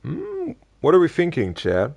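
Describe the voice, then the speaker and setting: A man streaming a game, chatting casually and rambling with many hesitations, his voice going a little hoarse. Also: lowish voice, a little slow. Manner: rambling, hesitant, hums tunes softly. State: losing his voice. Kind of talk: casual live-stream chat while playing.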